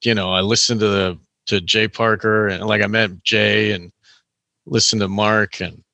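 A young man tells a winding personal story in a loose, rambling way, leaning on fillers as he goes. His voice is bright and pushed forward, a little lower than most men. The sound is dry and close. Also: little pitch movement, normal speed, vocal fry, dry recording. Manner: rambling, heavy use of "like" and "you know". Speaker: guest telling a story. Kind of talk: casual storytelling chat.

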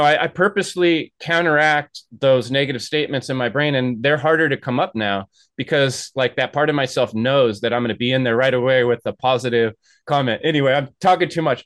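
A man's voice: medium pitch, a bit bright, no echo. A man hosting an interview, telling stories in a rambling, chatty way. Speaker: host. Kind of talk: casual interview chat.

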